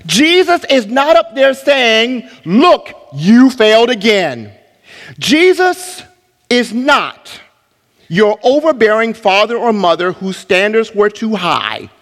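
A man's voice: sits high, a bit bright, big-room sound. A man preaching a sermon as pastor, emphatic, with rhetorical questions, in a church sanctuary.

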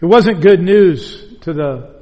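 High-voiced pastor in an echoing hall. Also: male voice, animated, mellow, dull audio. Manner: earnest, deliberate, emphatic repetition. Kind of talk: sermon. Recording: long hall reverb.

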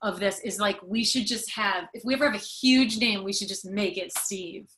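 A woman's voice: mid-range voice, moderate pace, slight background noise. A middle-aged woman comedian and podcast host, chatting as a guest and acting out quotes as she tells stories. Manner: animated storyteller, acts out quotes. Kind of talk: casual interview chat.

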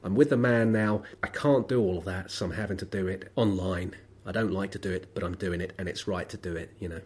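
A man's voice: low-pitched, brisk, darkish tone, husky. A man hosting a solo podcast, who is under the weather, telling rambling, wry anecdotes with many ums and uhs. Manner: rambling, wry everyday anecdotes with frequent fillers. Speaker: podcast host.

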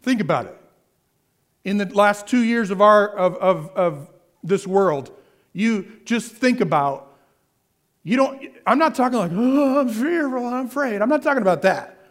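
A man's voice: sits high, expressive, unhurried, pauses often. A man preaching a sermon as pastor, asking the crowd questions and answering them himself, repeating key phrases. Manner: repetitive, asks the crowd questions then answers.

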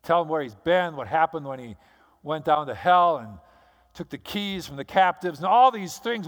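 A man's voice: a little high, lively intonation, moderate pace, fairly bright tone. A man preaching a sermon as pastor, telling the story dramatically and acting out the scenes. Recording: long hall reverb.

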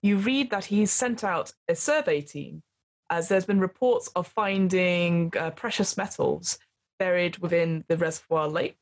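A woman narrating a tabletop horror game as game master, rambling with lots of fillers. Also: fairly low pitch.

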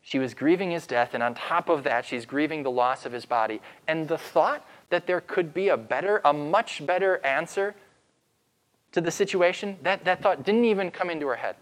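A man preaching as pastor, retelling a story with dramatic pauses and slowing down for emphasis. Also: fairly high pitch, animated, fairly bright tone. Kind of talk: sermon.

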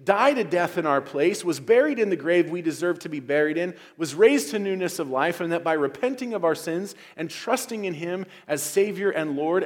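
A male pastor preaching a sermon in a church, moving from quiet, low passages to loud, emphatic ones. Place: church sanctuary.

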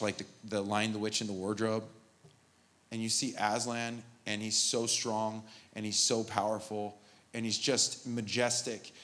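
Man preaching a lively sermon. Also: lowish voice. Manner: animated and informal, with asides and jokes. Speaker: pastor. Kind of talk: conversational sermon. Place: church service, live.

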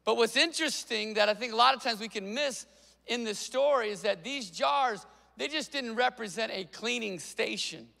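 A man preaching a sermon as pastor, conversational and animated, with quick asides to the congregation. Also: very high-pitched, creaky, long reverb tail.

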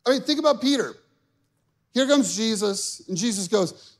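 A man's voice: very high-pitched, expressive, normal speed, gravelly. A man, a pastor in his younger adult years, preaching a sermon in a conversational, joking way and acting out people's inner thoughts.

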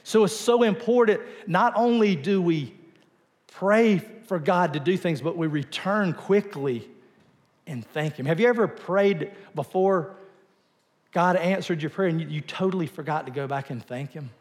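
A man's voice: high voice, unhurried. Man preaching in a reverberant hall. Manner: conversational, rhetorical questions, drops to quiet emphasis. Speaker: pastor. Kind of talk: sermon.

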